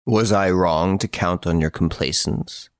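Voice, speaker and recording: A man reading an audiobook, voicing a serious, patient police detective who speaks in a slow, measured way. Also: sits low, no room sound. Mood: earnest.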